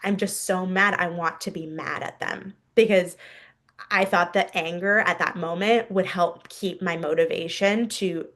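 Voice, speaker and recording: A woman in her thirties with a slightly low voice speaks as a podcast guest. She tells a personal story in a candid, open way and breaks into laughs now and then. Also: fairly even intonation, measured pace, a bit bright. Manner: candid, laughs often while telling a story.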